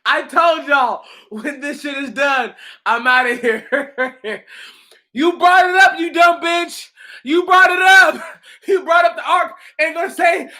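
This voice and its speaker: A high-pitched man with a bright, cutting tone rants on his own channel. He is profane and confrontational, and he talks at an unhurried, drawn-out pace as he mocks the people in his comments. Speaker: channel host answering commenters. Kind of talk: heated livestream rant.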